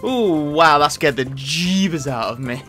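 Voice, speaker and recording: A man talks through his gameplay as a YouTuber in casual, self-mocking commentary. His pitch swings widely, rising and falling in an animated way. He is excitable and breaks into loud outbursts. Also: a little slow, soft background music. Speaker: gaming YouTuber.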